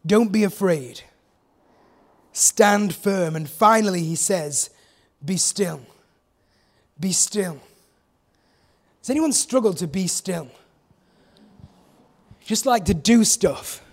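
A man with a notably high voice delivers a sermon. He talks to the congregation as if chatting, often turning to them with rhetorical questions. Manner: conversational, asks the listeners rhetorical questions. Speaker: preacher.

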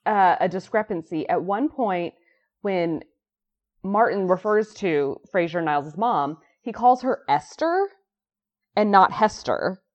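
A woman co-hosting a casual chat, her voice swinging widely in pitch as she talks. She laughs a lot and leaps up high when she quotes. The recording is a bit dull and lo-fi. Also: lively intonation, measured pace. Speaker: podcast co-host. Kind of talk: casual chat about a sitcom.

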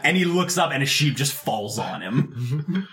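A man's voice: mid-range voice, sing-song, unhurried, a bit bright. Laughing man running a tabletop game. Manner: loose and laughing, with many restarts. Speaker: game master.

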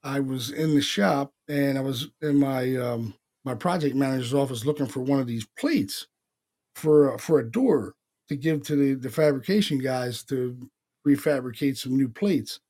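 Gravelly, lively male podcast storyteller. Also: mid-range voice, moderate pace. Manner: animated storytelling with slang and swearing. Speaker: podcast co-host. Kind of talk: casual chat.

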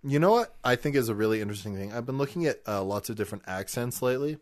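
A man trading jokes on a relaxed podcast with a friend. His voice sits in a middle register, and he talks in loose, playful banter. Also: medium pitch, racing. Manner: jokey, bursts into loud put-on voices. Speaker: podcast co-host. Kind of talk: casual chat.

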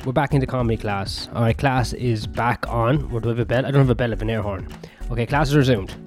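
A man's voice: medium pitch, fast, darkish tone, faint music behind. A young man hosting a podcast alone, rambling and swearing in a self-mocking way. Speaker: podcast host and comedian. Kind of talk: solo rambling podcast monologue.

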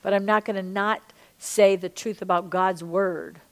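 A middle-aged woman teaching a sermon-style podcast, impassioned, dropping to hushed whispers and rising to loud emphasis. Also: medium pitch, steady tone, unhurried. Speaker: Christian teacher and minister.

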